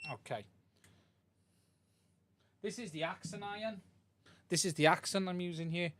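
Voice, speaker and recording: A man's voice: high voice, a little slow, fairly bright tone, slight background noise. A man chatting through a live-streamed repair at his workbench, thinking aloud as he works and talking to his viewers. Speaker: streamer repairing a radio controller. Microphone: desk mic, swaps mics during the stream.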